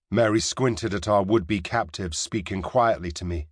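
A man's voice: fairly low pitch, normal speed, hardly any pauses, slightly rough, no room sound, studio quality. Man reading a seafaring audiobook. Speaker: audiobook narrator. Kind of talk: first-person scripted narration.

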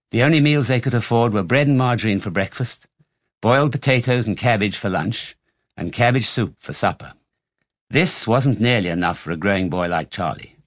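A man reading his own children's book aloud as an audiobook, in a measured, deliberate storytelling manner. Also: mid-range voice, no echo. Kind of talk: audiobook narration.

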